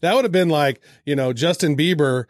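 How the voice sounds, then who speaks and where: A man's voice: a little high, no room sound. A man co-hosting a podcast, joking and arguing in casual banter. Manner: jokey, argumentative, quick when making a point. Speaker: podcast co-host.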